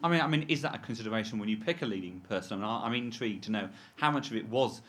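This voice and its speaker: Quick-talking low-voiced male interviewer. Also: a bit bright. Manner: hesitant, restarts his questions. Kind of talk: live interview questions.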